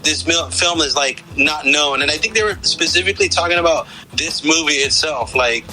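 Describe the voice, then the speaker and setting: A man's voice: on the high side, a little fast, sharp tone, faint music behind, poor audio. A young man co-hosting a podcast, rambling casually about a film, swearing and saying "dude" often. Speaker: podcast co-host.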